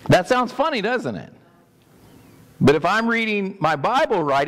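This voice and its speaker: Man, pastor, sermon, emphatic, asks the room questions, slightly high voice, long hall reverb. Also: sing-song, unhurried, pauses often, fairly bright tone. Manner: emphatic, repeats words, asks questions of the congregation.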